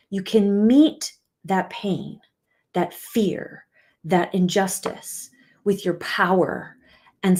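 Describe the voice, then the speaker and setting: A middle-aged woman, working as a relationship coach, gives a motivational talk in a lowish voice. She is earnest and soft-spoken, sinking to whispers at moments and swelling into emphatic outbursts at others.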